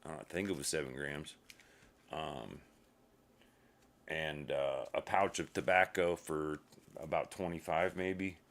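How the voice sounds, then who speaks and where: A man's voice: a bass voice, steady tone, takes it slowly, long pauses, a bit bright. A man talking in a rambling casual monologue, wandering off track and muttering to himself as he goes. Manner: uses minced oaths. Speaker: solo streamer.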